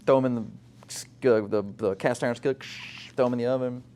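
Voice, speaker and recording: With a medium-pitched voice, a quick pace, and a little hiss or hum in the recording, a guest who owns a company in South Louisiana spins stories in casual chat. He plays out quotes in a raised voice and laughs frequently.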